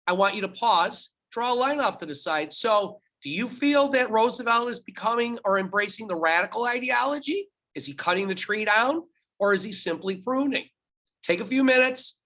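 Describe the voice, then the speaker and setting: A man's voice: high-pitched, pushed and bright. A man teaching history in a recorded online lecture to his students, talking in a conversational, emphatic way and correcting himself aloud as he goes, recorded on a laptop.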